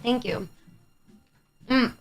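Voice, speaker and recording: A young woman from Greece whose first language is Greek, chatting with her live chat on a stream. She is chatty, laughs often and swears casually. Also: extremely slow. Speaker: livestreamer. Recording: faint music behind the voice.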